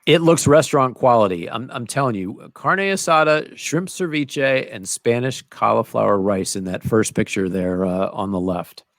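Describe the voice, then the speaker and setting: A man's voice: mid-range voice, expressive, moderate pace, hardly any pauses, fairly bright tone, dry recording, studio quality. A man hosting a podcast, interviewing his guest in an enthusiastic, praising way. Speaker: podcast host. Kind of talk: casual interview chat.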